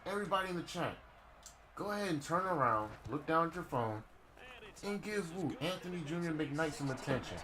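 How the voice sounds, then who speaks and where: A young man with a somewhat high voice talks to his live chat in loose slang, teasing and scolding a heckler. Loud game crowd noise sits underneath his voice. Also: very animated, a little fast. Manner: mocking, slangy, addressing chat. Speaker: gaming streamer. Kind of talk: casual live-stream talk.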